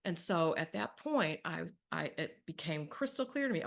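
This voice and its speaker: A woman's voice: sits low, normal speed, creaky. A woman sharing a personal story in a candid, reflective way, acting out the people she quotes. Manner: candid, reflective, animated when quoting.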